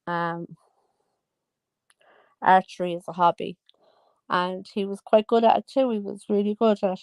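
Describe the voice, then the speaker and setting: A woman's voice: mid-range voice, a little mellow, no echo. A woman talking in a rambling, chatty monologue, often losing her train of thought. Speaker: vlogger. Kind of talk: casual monologue.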